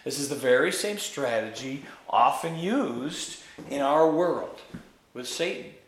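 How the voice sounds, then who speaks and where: A man reading a story aloud and preaching on it, expressive and emphatic, in a roomy space. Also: mid-range voice, unhurried, gravelly. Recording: echoey room.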